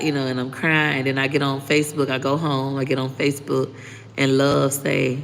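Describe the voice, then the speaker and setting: A woman talks straight to her live-stream viewers, blunt and unfiltered, swearing freely between thank-yous to commenters. Her voice has a gravelly fry, and it rings with a long reverb against a faint background hum. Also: deep voice, brisk. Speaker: livestreaming content creator. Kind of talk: casual live-stream chat reading comments.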